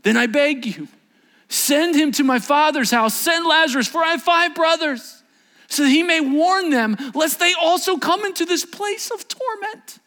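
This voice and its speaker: A man's voice: very high voice, moderate pace, pitched above the performer's own voice. A male preacher voicing an anguished rich man who pleads desperately from torment. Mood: pleading. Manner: desperate, shouting pleas.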